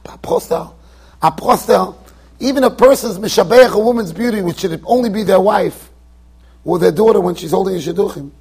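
In a yeshiva study hall, a man with a strikingly high, husky voice of darkish tone teaches a Torah class. He lectures emphatically, fires rhetorical questions at listeners and circles back to the same phrases. While building his argument he often stumbles and quickly restarts.

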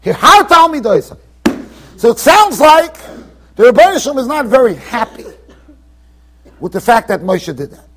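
A rabbi teaching a Torah class in a yeshiva, animated and emphatic, acting out the people he quotes with sudden loud bursts and quiet asides. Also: extremely high pitch, normal speed, long pauses, a little hiss or hum. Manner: swings between emphatic and quiet, trailing-off asides. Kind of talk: Torah lecture to students. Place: yeshiva study hall.

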